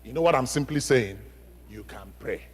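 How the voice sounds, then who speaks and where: Emphatic preacher in a church hall. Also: male voice, medium pitch, lively intonation, normal speed, husky. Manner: emphatic, call-and-response questions, swings from loud to hushed. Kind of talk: sermon. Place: church sanctuary. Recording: long reverb of a church hall.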